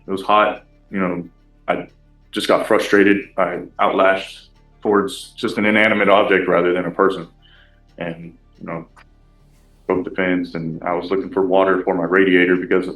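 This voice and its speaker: Halting deep-voiced man in court. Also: a bit bright. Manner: halting, hesitant, many restarts. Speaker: defendant. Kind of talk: testifying in court. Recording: echoey courtroom audio.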